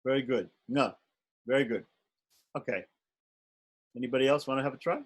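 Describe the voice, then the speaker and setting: A man's voice: medium pitch, fairly quick, slightly rough. A man teaching Sanskrit consonants in an online class, patiently repeating each sound and explaining it step by step. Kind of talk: slow, patient online lesson.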